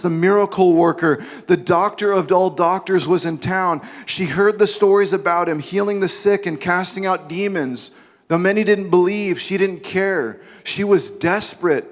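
A male preacher telling a Bible story dramatically, with asides, in a large sanctuary. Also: high voice. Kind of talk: sermon. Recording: long hall reverb.

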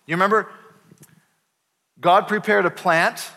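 A pastor preaching a sermon, telling the story with playful voices for the characters. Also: male voice, high voice, fairly even intonation, unhurried, vocal fry, bright, forceful tone. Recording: hall reverb.

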